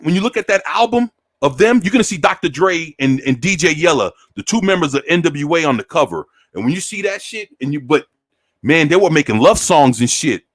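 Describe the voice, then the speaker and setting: A man in his forties telling rambling stories in a relaxed, profane way, often ending sentences with "man". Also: a little high. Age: 40s. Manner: rambling, profane, laid-back, peppered with "man". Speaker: show host. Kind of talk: casual storytelling.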